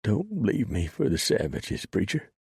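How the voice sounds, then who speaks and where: A man's voice: fairly low pitch, wildly swooping pitch, measured pace, gravelly, a little mellow, husky, dry recording, studio quality, pitched above the performer's own voice, heavily acted. A man voicing a spiteful, wounded outlaw who sneers and pleads in a raised, whiny voice. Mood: sneering.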